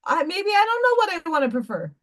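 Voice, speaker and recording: A woman's voice: very high voice, sing-song, fast talker, fairly bright tone. A woman hosting a livestream, talking candidly and rambling, with casual swearing, and reading oracle card messages aloud. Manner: reads card messages aloud between chat.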